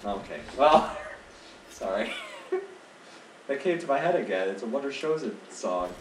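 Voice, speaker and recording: A man riffing over gameplay, his pitch leaping around as he jokes and rambles. He sounds set back from the mic in an echoey room with some faint hiss behind him. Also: big pitch swings, measured pace, recorded from a distance. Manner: jokey, rambling, laughs often. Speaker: gaming video co-host. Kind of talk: casual gameplay chat.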